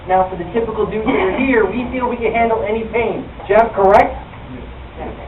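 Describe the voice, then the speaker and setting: A man's voice: high-pitched, brisk, phone-quality sound. Profane male stand-up comic, heard from afar. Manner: profane, animated storytelling that builds to yelled punchlines. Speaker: stand-up comedian. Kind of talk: stand-up comedy set. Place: comedy club or bar venue. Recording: roomy, distant audience recording with noise.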